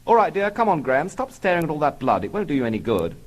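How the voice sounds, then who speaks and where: A man's voice: a little high, big pitch swings, fast, voice pushed up. A man voicing a prim, fussy wartime housewife and mother, speaking in a placating genteel way.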